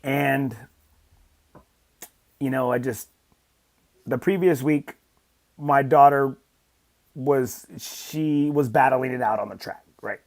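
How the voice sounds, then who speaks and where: A man's voice: medium pitch, takes it slowly, long pauses. A middle-aged man hosting a casual podcast chat, who talks emphatically and repeats phrases for stress. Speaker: podcast host and coach.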